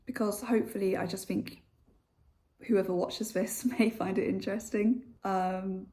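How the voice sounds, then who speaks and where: A young British woman talking casually to camera as a vlogger and English teacher, playful and animated, jumping high in pitch when she stresses a word. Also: a little slow. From United Kingdom.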